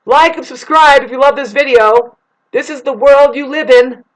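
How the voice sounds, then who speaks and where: A woman's voice: high-pitched, normal speed, rough recording. A woman delivering a rambling, profane spiritual monologue to her viewers. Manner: intense, profane, digressive. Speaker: spiritual vlogger.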